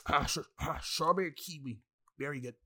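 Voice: medium pitch, a little fast, sharp tone, slightly rough. A wrestling fan in a casual, profane rant full of exasperated asides and heavy swearing.

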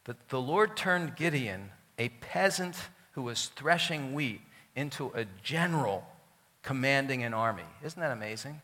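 Pastor guy preaching, bright forceful tone, big hall echo, loud then hushed. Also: medium pitch, expressive, measured pace. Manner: emphatic, swings from loud declarations to quiet asides. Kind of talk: sermon. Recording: long hall reverb.

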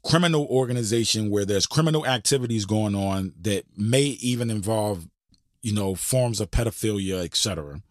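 Low-voiced man earnestly discussing history. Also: moderate pace, no echo, clean studio sound. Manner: earnest, animated when making a point, many fillers. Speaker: podcast host.

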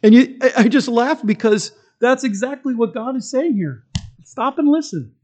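A man's voice: very high-pitched, lively intonation, normal speed. Man, pastor, sermon, church, emphatic, conversational storytelling. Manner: emphatic, swings between loud stresses and quiet asides.

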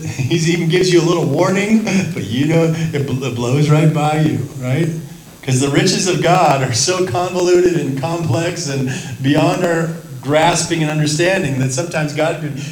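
A man teaching a Bible study in a lively way, often laughing and acting out the voices in the passages he reads. His voice sits a little high for a man. The room around him is echoey.

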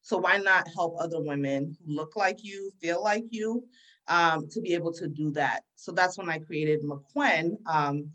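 A woman's voice: lowish voice, unhurried, fairly bright tone, poor audio. A woman guesting on an interview podcast, speaking in a reflective, encouraging way about her work. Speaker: guest entrepreneur.

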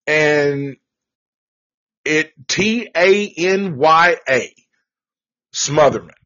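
Male podcast host, slow and profane, spinning a ghost story over a dull lo-fi recording. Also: mid-range voice, breathy edge. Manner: profane, animated, drawn-out storytelling. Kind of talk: casual storytelling.

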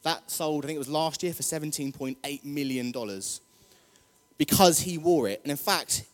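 A man's voice: on the high side, normal speed. A man preaching a casual, jokey sermon, chatty and rousing the congregation. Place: church hall. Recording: long hall reverb.

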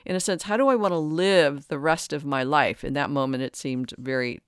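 A person in their sixties giving a reflective spiritual talk, earnest and halting, often restarting and correcting themselves. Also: medium pitch, smooth, dry recording, clean studio sound. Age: 60s.

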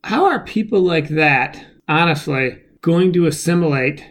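A woman's voice: deep voice, animated. Wry, sardonic woman co-host. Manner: sardonic, wry, jumps between fast bursts and drawn-out phrases. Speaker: podcast co-host. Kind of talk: casual chat.

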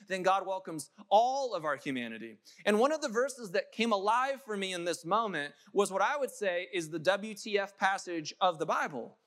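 A man's voice: sits high, a bit bright. A young adult man preaching a sermon, impassioned and building to emphatic peaks. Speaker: pastor.

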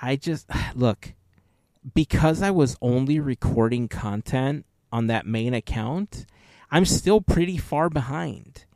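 A man's voice: mid-range voice, expressive, takes it slowly, mellow, no room sound, clean studio sound. A man hosting a podcast, chatting casually and rambling through stories with many restarts. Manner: rambling, self-correcting storyteller. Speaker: podcast host.

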